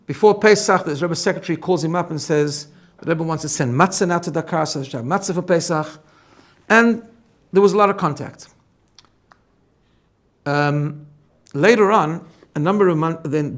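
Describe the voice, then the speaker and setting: A rabbi tells a story at a quick clip, his voice sitting a bit above the usual for a man. He is animated and doubles back on his words as the tale builds. He sounds middle-aged. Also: a little high. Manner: animated, repeats words when excited. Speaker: rabbi teaching personal growth. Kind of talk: storytelling talk.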